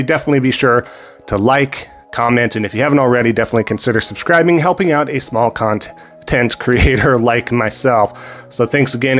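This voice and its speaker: A man with a sick, hoarse voice hosts a gaming channel, giving rambling casual commentary on new games, full of fillers and thanks to viewers. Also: mid-range voice.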